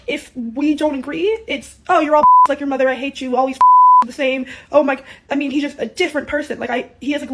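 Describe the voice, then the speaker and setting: A twenty-year-old woman speaking out in an emotional, unscripted monologue, rambling and halting, with nervous laughs. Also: high voice, slight background noise. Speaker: daughter speaking out in a personal video.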